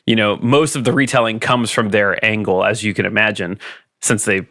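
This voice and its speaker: A man co-hosting a podcast, explaining his pitch at length in casual chat. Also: steady tone, moderate pace, pushed and bright, dry recording, studio quality. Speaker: podcast co-host.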